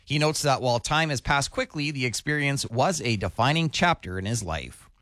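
A male radio news anchor reading a scripted local newscast in a steady, measured delivery. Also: medium pitch, no room sound, studio quality.

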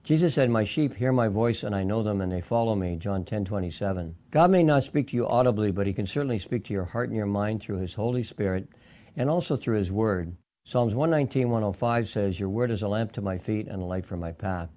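Calm low-voiced male Bible teacher. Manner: calm, measured reading of scripture references. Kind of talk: scripted devotional radio segment.

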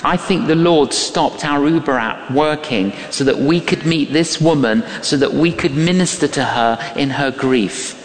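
A man's voice: on the high side, measured pace, few pauses. An older man preaching a sermon, telling a story with emphasis, repeating key phrases and acting out what people said. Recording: echoey hall with long reverb.

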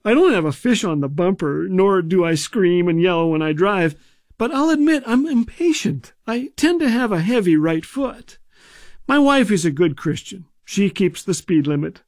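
A man's voice: sits high, sing-song, moderate pace, a little mellow, dry recording. A man hosting a humor radio program, telling jokes and comic stories in a dry, scripted way. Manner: dry, joke-telling delivery. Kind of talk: scripted comedic storytelling.

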